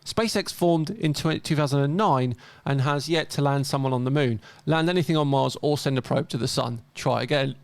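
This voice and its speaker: With a mid-range voice and no echo, a male host offers casual commentary while reading out posts. He's wry and mocking, chuckling at their mistakes with dry humour.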